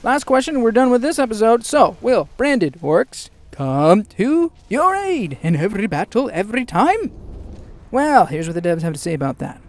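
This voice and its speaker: A man hosting a casual game news show, excitable and jokey, tossing in quick asides. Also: high voice. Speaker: gaming news host.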